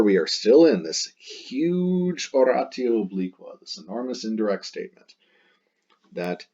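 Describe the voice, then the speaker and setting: Low husky guy going through latin lines, playful and chatty, kinda muffled lo-fi audio. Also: a little mellow. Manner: chatty, playful, repeats phrases while explaining. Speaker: Latin teacher. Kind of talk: informal lesson, explaining a Latin text.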